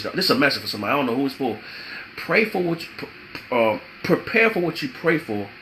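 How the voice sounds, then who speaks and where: Man, bright tense voice, preachy vlogger type, emphatic and repetitive, faint background hiss. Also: a little high, rough recording. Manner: emphatic and repetitive, with spiritual asides. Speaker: vlogger giving relationship advice. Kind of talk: preachy motivational talk.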